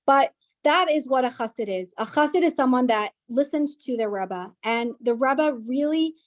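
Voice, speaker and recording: Woman guest speaker, earnest storytelling with restarts, fairly high voice, dry close sound. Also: expressive, moderate pace, no room sound. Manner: earnest, with frequent restarts and repetitions. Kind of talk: personal story at a women's gathering.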